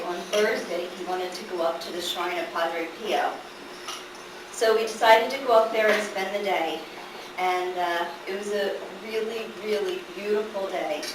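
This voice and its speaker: A middle-aged woman telling a family story to a live audience, animated and laughing through the funny parts. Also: mid-range voice, normal speed. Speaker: daughter telling a story at a gathering. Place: large echoey room at a family gathering. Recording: echoey room, far from the mic, background noise.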